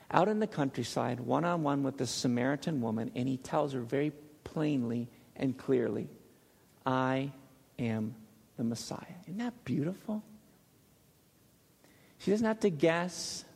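A male pastor preaching a sermon in a church, emphatic and dropping to a hush on key words. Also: on the high side, animated, a little slow, gravelly, slightly rough. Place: church sanctuary. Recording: long hall reverb.

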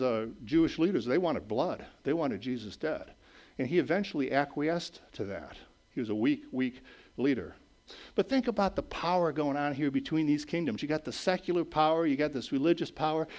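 A middle-aged man preaches with a slightly higher voice than most men, keeping it conversational and often checking in with his listeners. He builds up to raised, emphatic points, then drops to low, quiet asides. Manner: conversational preaching, frequent "okay?" and "right?" checks. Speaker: pastor. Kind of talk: sermon.

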